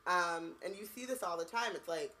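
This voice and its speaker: A woman's voice: lowish voice, normal speed, pushed and bright, rough recording. A woman co-hosting a podcast, chatting casually and reading a book aloud, with lots of "like" and "you know what I mean". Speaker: podcast co-host.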